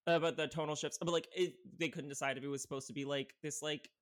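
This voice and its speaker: A man guesting on a podcast, rambling through animated casual film talk full of "like". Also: fairly high pitch, quick pace. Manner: rambling, filler-heavy, animated.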